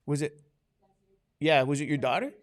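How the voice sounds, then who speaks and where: In this classroom lecture, a man whose voice runs on the high side speaks at a moderate pace. He's groggy from medication yet keeps joking and repeatedly quizzes his students.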